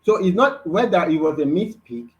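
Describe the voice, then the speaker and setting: A man with a Nigerian accent arguing on an online panel, dismissive and emphatic, dropping low at the ends of his points. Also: very animated, normal speed. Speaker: panel guest. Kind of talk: heated online panel talk. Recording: lo-fi call audio.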